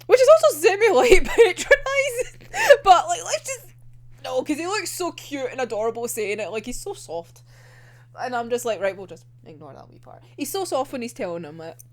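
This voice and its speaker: A woman's voice: high-pitched, big pitch swings, normal speed. A young woman recapping a manga chapter in a gushing, casual way, laughing often and swearing freely. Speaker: manga reaction vlogger.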